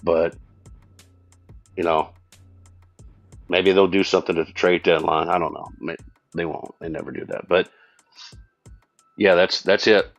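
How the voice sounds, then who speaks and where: A man's voice: low voice, fairly even intonation, no echo, lo-fi sound, faint music behind. A man from Texas guesting on a sports podcast, blunt and joking in casual chat. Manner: blunt, joking, drawn-out complaints.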